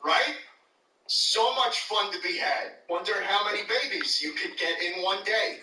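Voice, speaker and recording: A man giving crude, deadpan comedic commentary while playing games, recorded from a distance in a roomy space with loud music behind. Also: high-pitched, unhurried, slight background noise. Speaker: gaming video host. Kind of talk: joking gameplay commentary.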